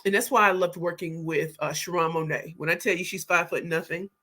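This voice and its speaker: A middle-aged woman hosting a livestream, reading viewer comments aloud and greeting people by name with excited, exclamatory energy. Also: fairly low pitch, fairly quick. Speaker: livestream host, book pitch coach.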